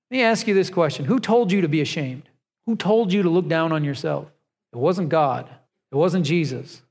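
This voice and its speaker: Man preaching, high voice, lively storytelling, long hall reverb. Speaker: pastor. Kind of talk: sermon.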